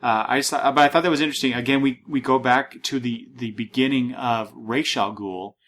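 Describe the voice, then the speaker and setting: A man's voice: mid-range voice, fairly even intonation, a little fast, a bit bright, slight background noise. A man hosting a casual podcast, talking through a comic book with many restarts and fillers, reading panels aloud. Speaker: podcast host.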